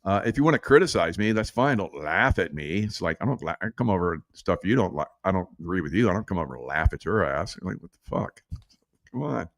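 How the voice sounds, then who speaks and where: Low-voiced sarcastic man ranting. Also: animated, quick pace, few pauses, no room sound, studio quality. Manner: sarcastic, profane, chuckles often. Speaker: political commentary vlogger. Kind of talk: rambling off-the-cuff monologue.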